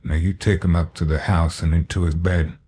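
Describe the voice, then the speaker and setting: A man's voice: low-pitched, husky. A man doing a cold, menacing backwoods father. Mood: falsely concerned. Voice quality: slow, calm, menacing. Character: violent rural father, middle-aged man, cold menacing temper.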